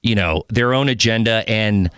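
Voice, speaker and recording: A man's voice: lowish voice, normal speed, a bit bright, clean tone, dry recording, clean studio sound. A man in his forties hosting a podcast, talking candidly and earnestly, swearing casually. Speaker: podcast host. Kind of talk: casual interview chat.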